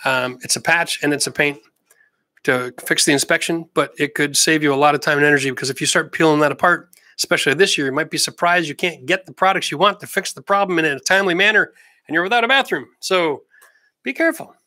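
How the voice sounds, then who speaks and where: A man's voice: fairly high pitch, fast talker, bright, forceful tone, no echo, studio quality. A middle-aged Canadian man hosting a casual livestream, chatty and practical with jokey asides. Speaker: host answering live chat questions.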